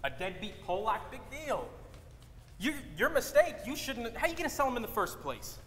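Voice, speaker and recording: A man's voice: extremely high pitch, very animated, moderate pace, fairly bright tone, full character voice. A man acting live on stage as a bitter, scornful salesman who rants and swears. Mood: ranting. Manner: coarse, swearing rant. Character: crude, bitter male salesman, scornful and ranting. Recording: echoey hall, faint noise.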